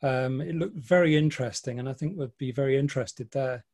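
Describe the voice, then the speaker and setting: A club member on a video call asking two questions, hesitant with many ums. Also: male voice, medium pitch, fairly quick, darkish tone.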